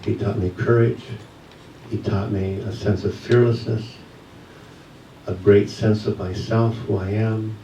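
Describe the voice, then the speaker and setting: A man who teaches yoga, giving a church message as a personal story, told with pauses and soft laughs. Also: fairly low pitch, little pitch movement, slight background noise. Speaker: guest speaker, yoga teacher. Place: church sanctuary. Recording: echoey hall, mic from a distance.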